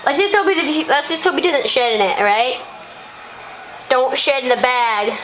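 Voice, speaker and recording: A woman's voice: high-pitched, normal speed, a bit bright. A woman chatting and rambling in a casual home vlog while playing with her pets. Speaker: vlogger. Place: at home indoors. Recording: noisy home camcorder audio.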